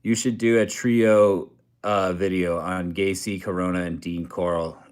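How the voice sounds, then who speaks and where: A tired young Canadian man with a deep, clear, resonant voice hosts a true crime comedy channel from a hotel room. At a measured pace and fairly even intonation, he reads viewer comments in loose, self-deprecating, filler-heavy livestream chat.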